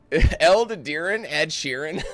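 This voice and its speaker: A man's voice: mid-range voice, fairly bright tone. A young man giving casual, joking gameplay commentary, reading in-game texts aloud and breaking off into parody singing.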